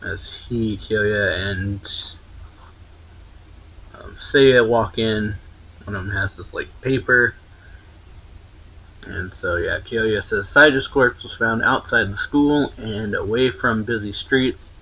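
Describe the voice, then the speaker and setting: A man's voice: fairly low pitch, slow pace, pauses often, bright, forceful tone, husky, lo-fi sound. Rambling young man recapping a story. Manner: rambling, filler-heavy retelling with many likes and restarts. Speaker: anime reaction channel host. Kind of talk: casual manga recap.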